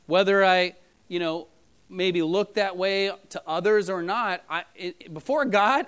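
Man preaching, middle-aged, high voice, smooth, chatty and story-driven. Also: fairly bright tone. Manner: conversational, storytelling with many fillers. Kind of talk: casual sermon. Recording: church audio recording.

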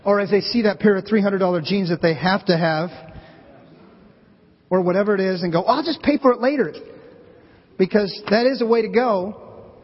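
A pastor delivers a sermon with a husky, breathy voice that sits unusually high. He jokes with volunteers beside him as he goes. The recording is dull and lo-fi, with long reverb from the sanctuary. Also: steady tone, moderate pace, long pauses. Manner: playful, joking with volunteers on stage. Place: church sanctuary.

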